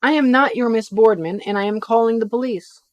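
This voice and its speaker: A woman's voice: on the high side, a little fast, dry recording, close to an everyday voice. A woman reading a storybook voicing a defiant young woman who bluffs indignantly.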